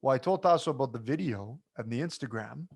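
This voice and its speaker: A man co-hosting a sports podcast, joking and bantering with his co-host in animated, quick exchanges. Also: mid-range voice, gravelly, slightly rough.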